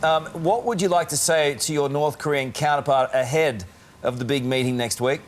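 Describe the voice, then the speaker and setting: A man's voice: on the high side, brisk. A man hosting morning TV, bantering with many hesitations and fillers. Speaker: morning TV host. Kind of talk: live TV banter.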